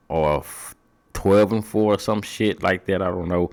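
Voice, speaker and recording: A young man with a low voice talks through football predictions off the cuff. He is slangy and casual, swears now and then, and thinks out loud as he goes. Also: a little slow, creaky. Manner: loose, slangy and profane, thinking aloud. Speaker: podcast host. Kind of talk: casual sports prediction talk.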